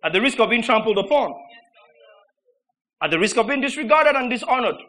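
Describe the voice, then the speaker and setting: A man preaching a sermon, emphatic and rhetorical, with mocking repetition that swings between shouted lines and low asides. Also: lively intonation, a little fast, rough recording.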